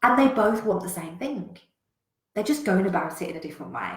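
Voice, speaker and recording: A woman business coach, giving a frank, animated motivational talk to a live chat and swearing freely. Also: a little high, fairly quick. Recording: roomy echo.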